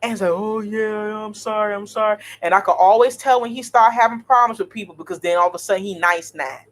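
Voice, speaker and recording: A woman, in her thirties, telling a story in a blunt, animated, cursing vlog style. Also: mid-range voice, fast talker. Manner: blunt, animated, swears freely. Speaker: vlogger.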